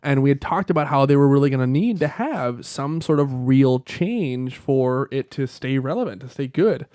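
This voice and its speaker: A young man co-hosting a casual chat, swearing freely and getting worked up into rants that turn to shouting. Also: mid-range voice, animated, moderate pace, dry recording, studio quality. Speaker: podcast co-host.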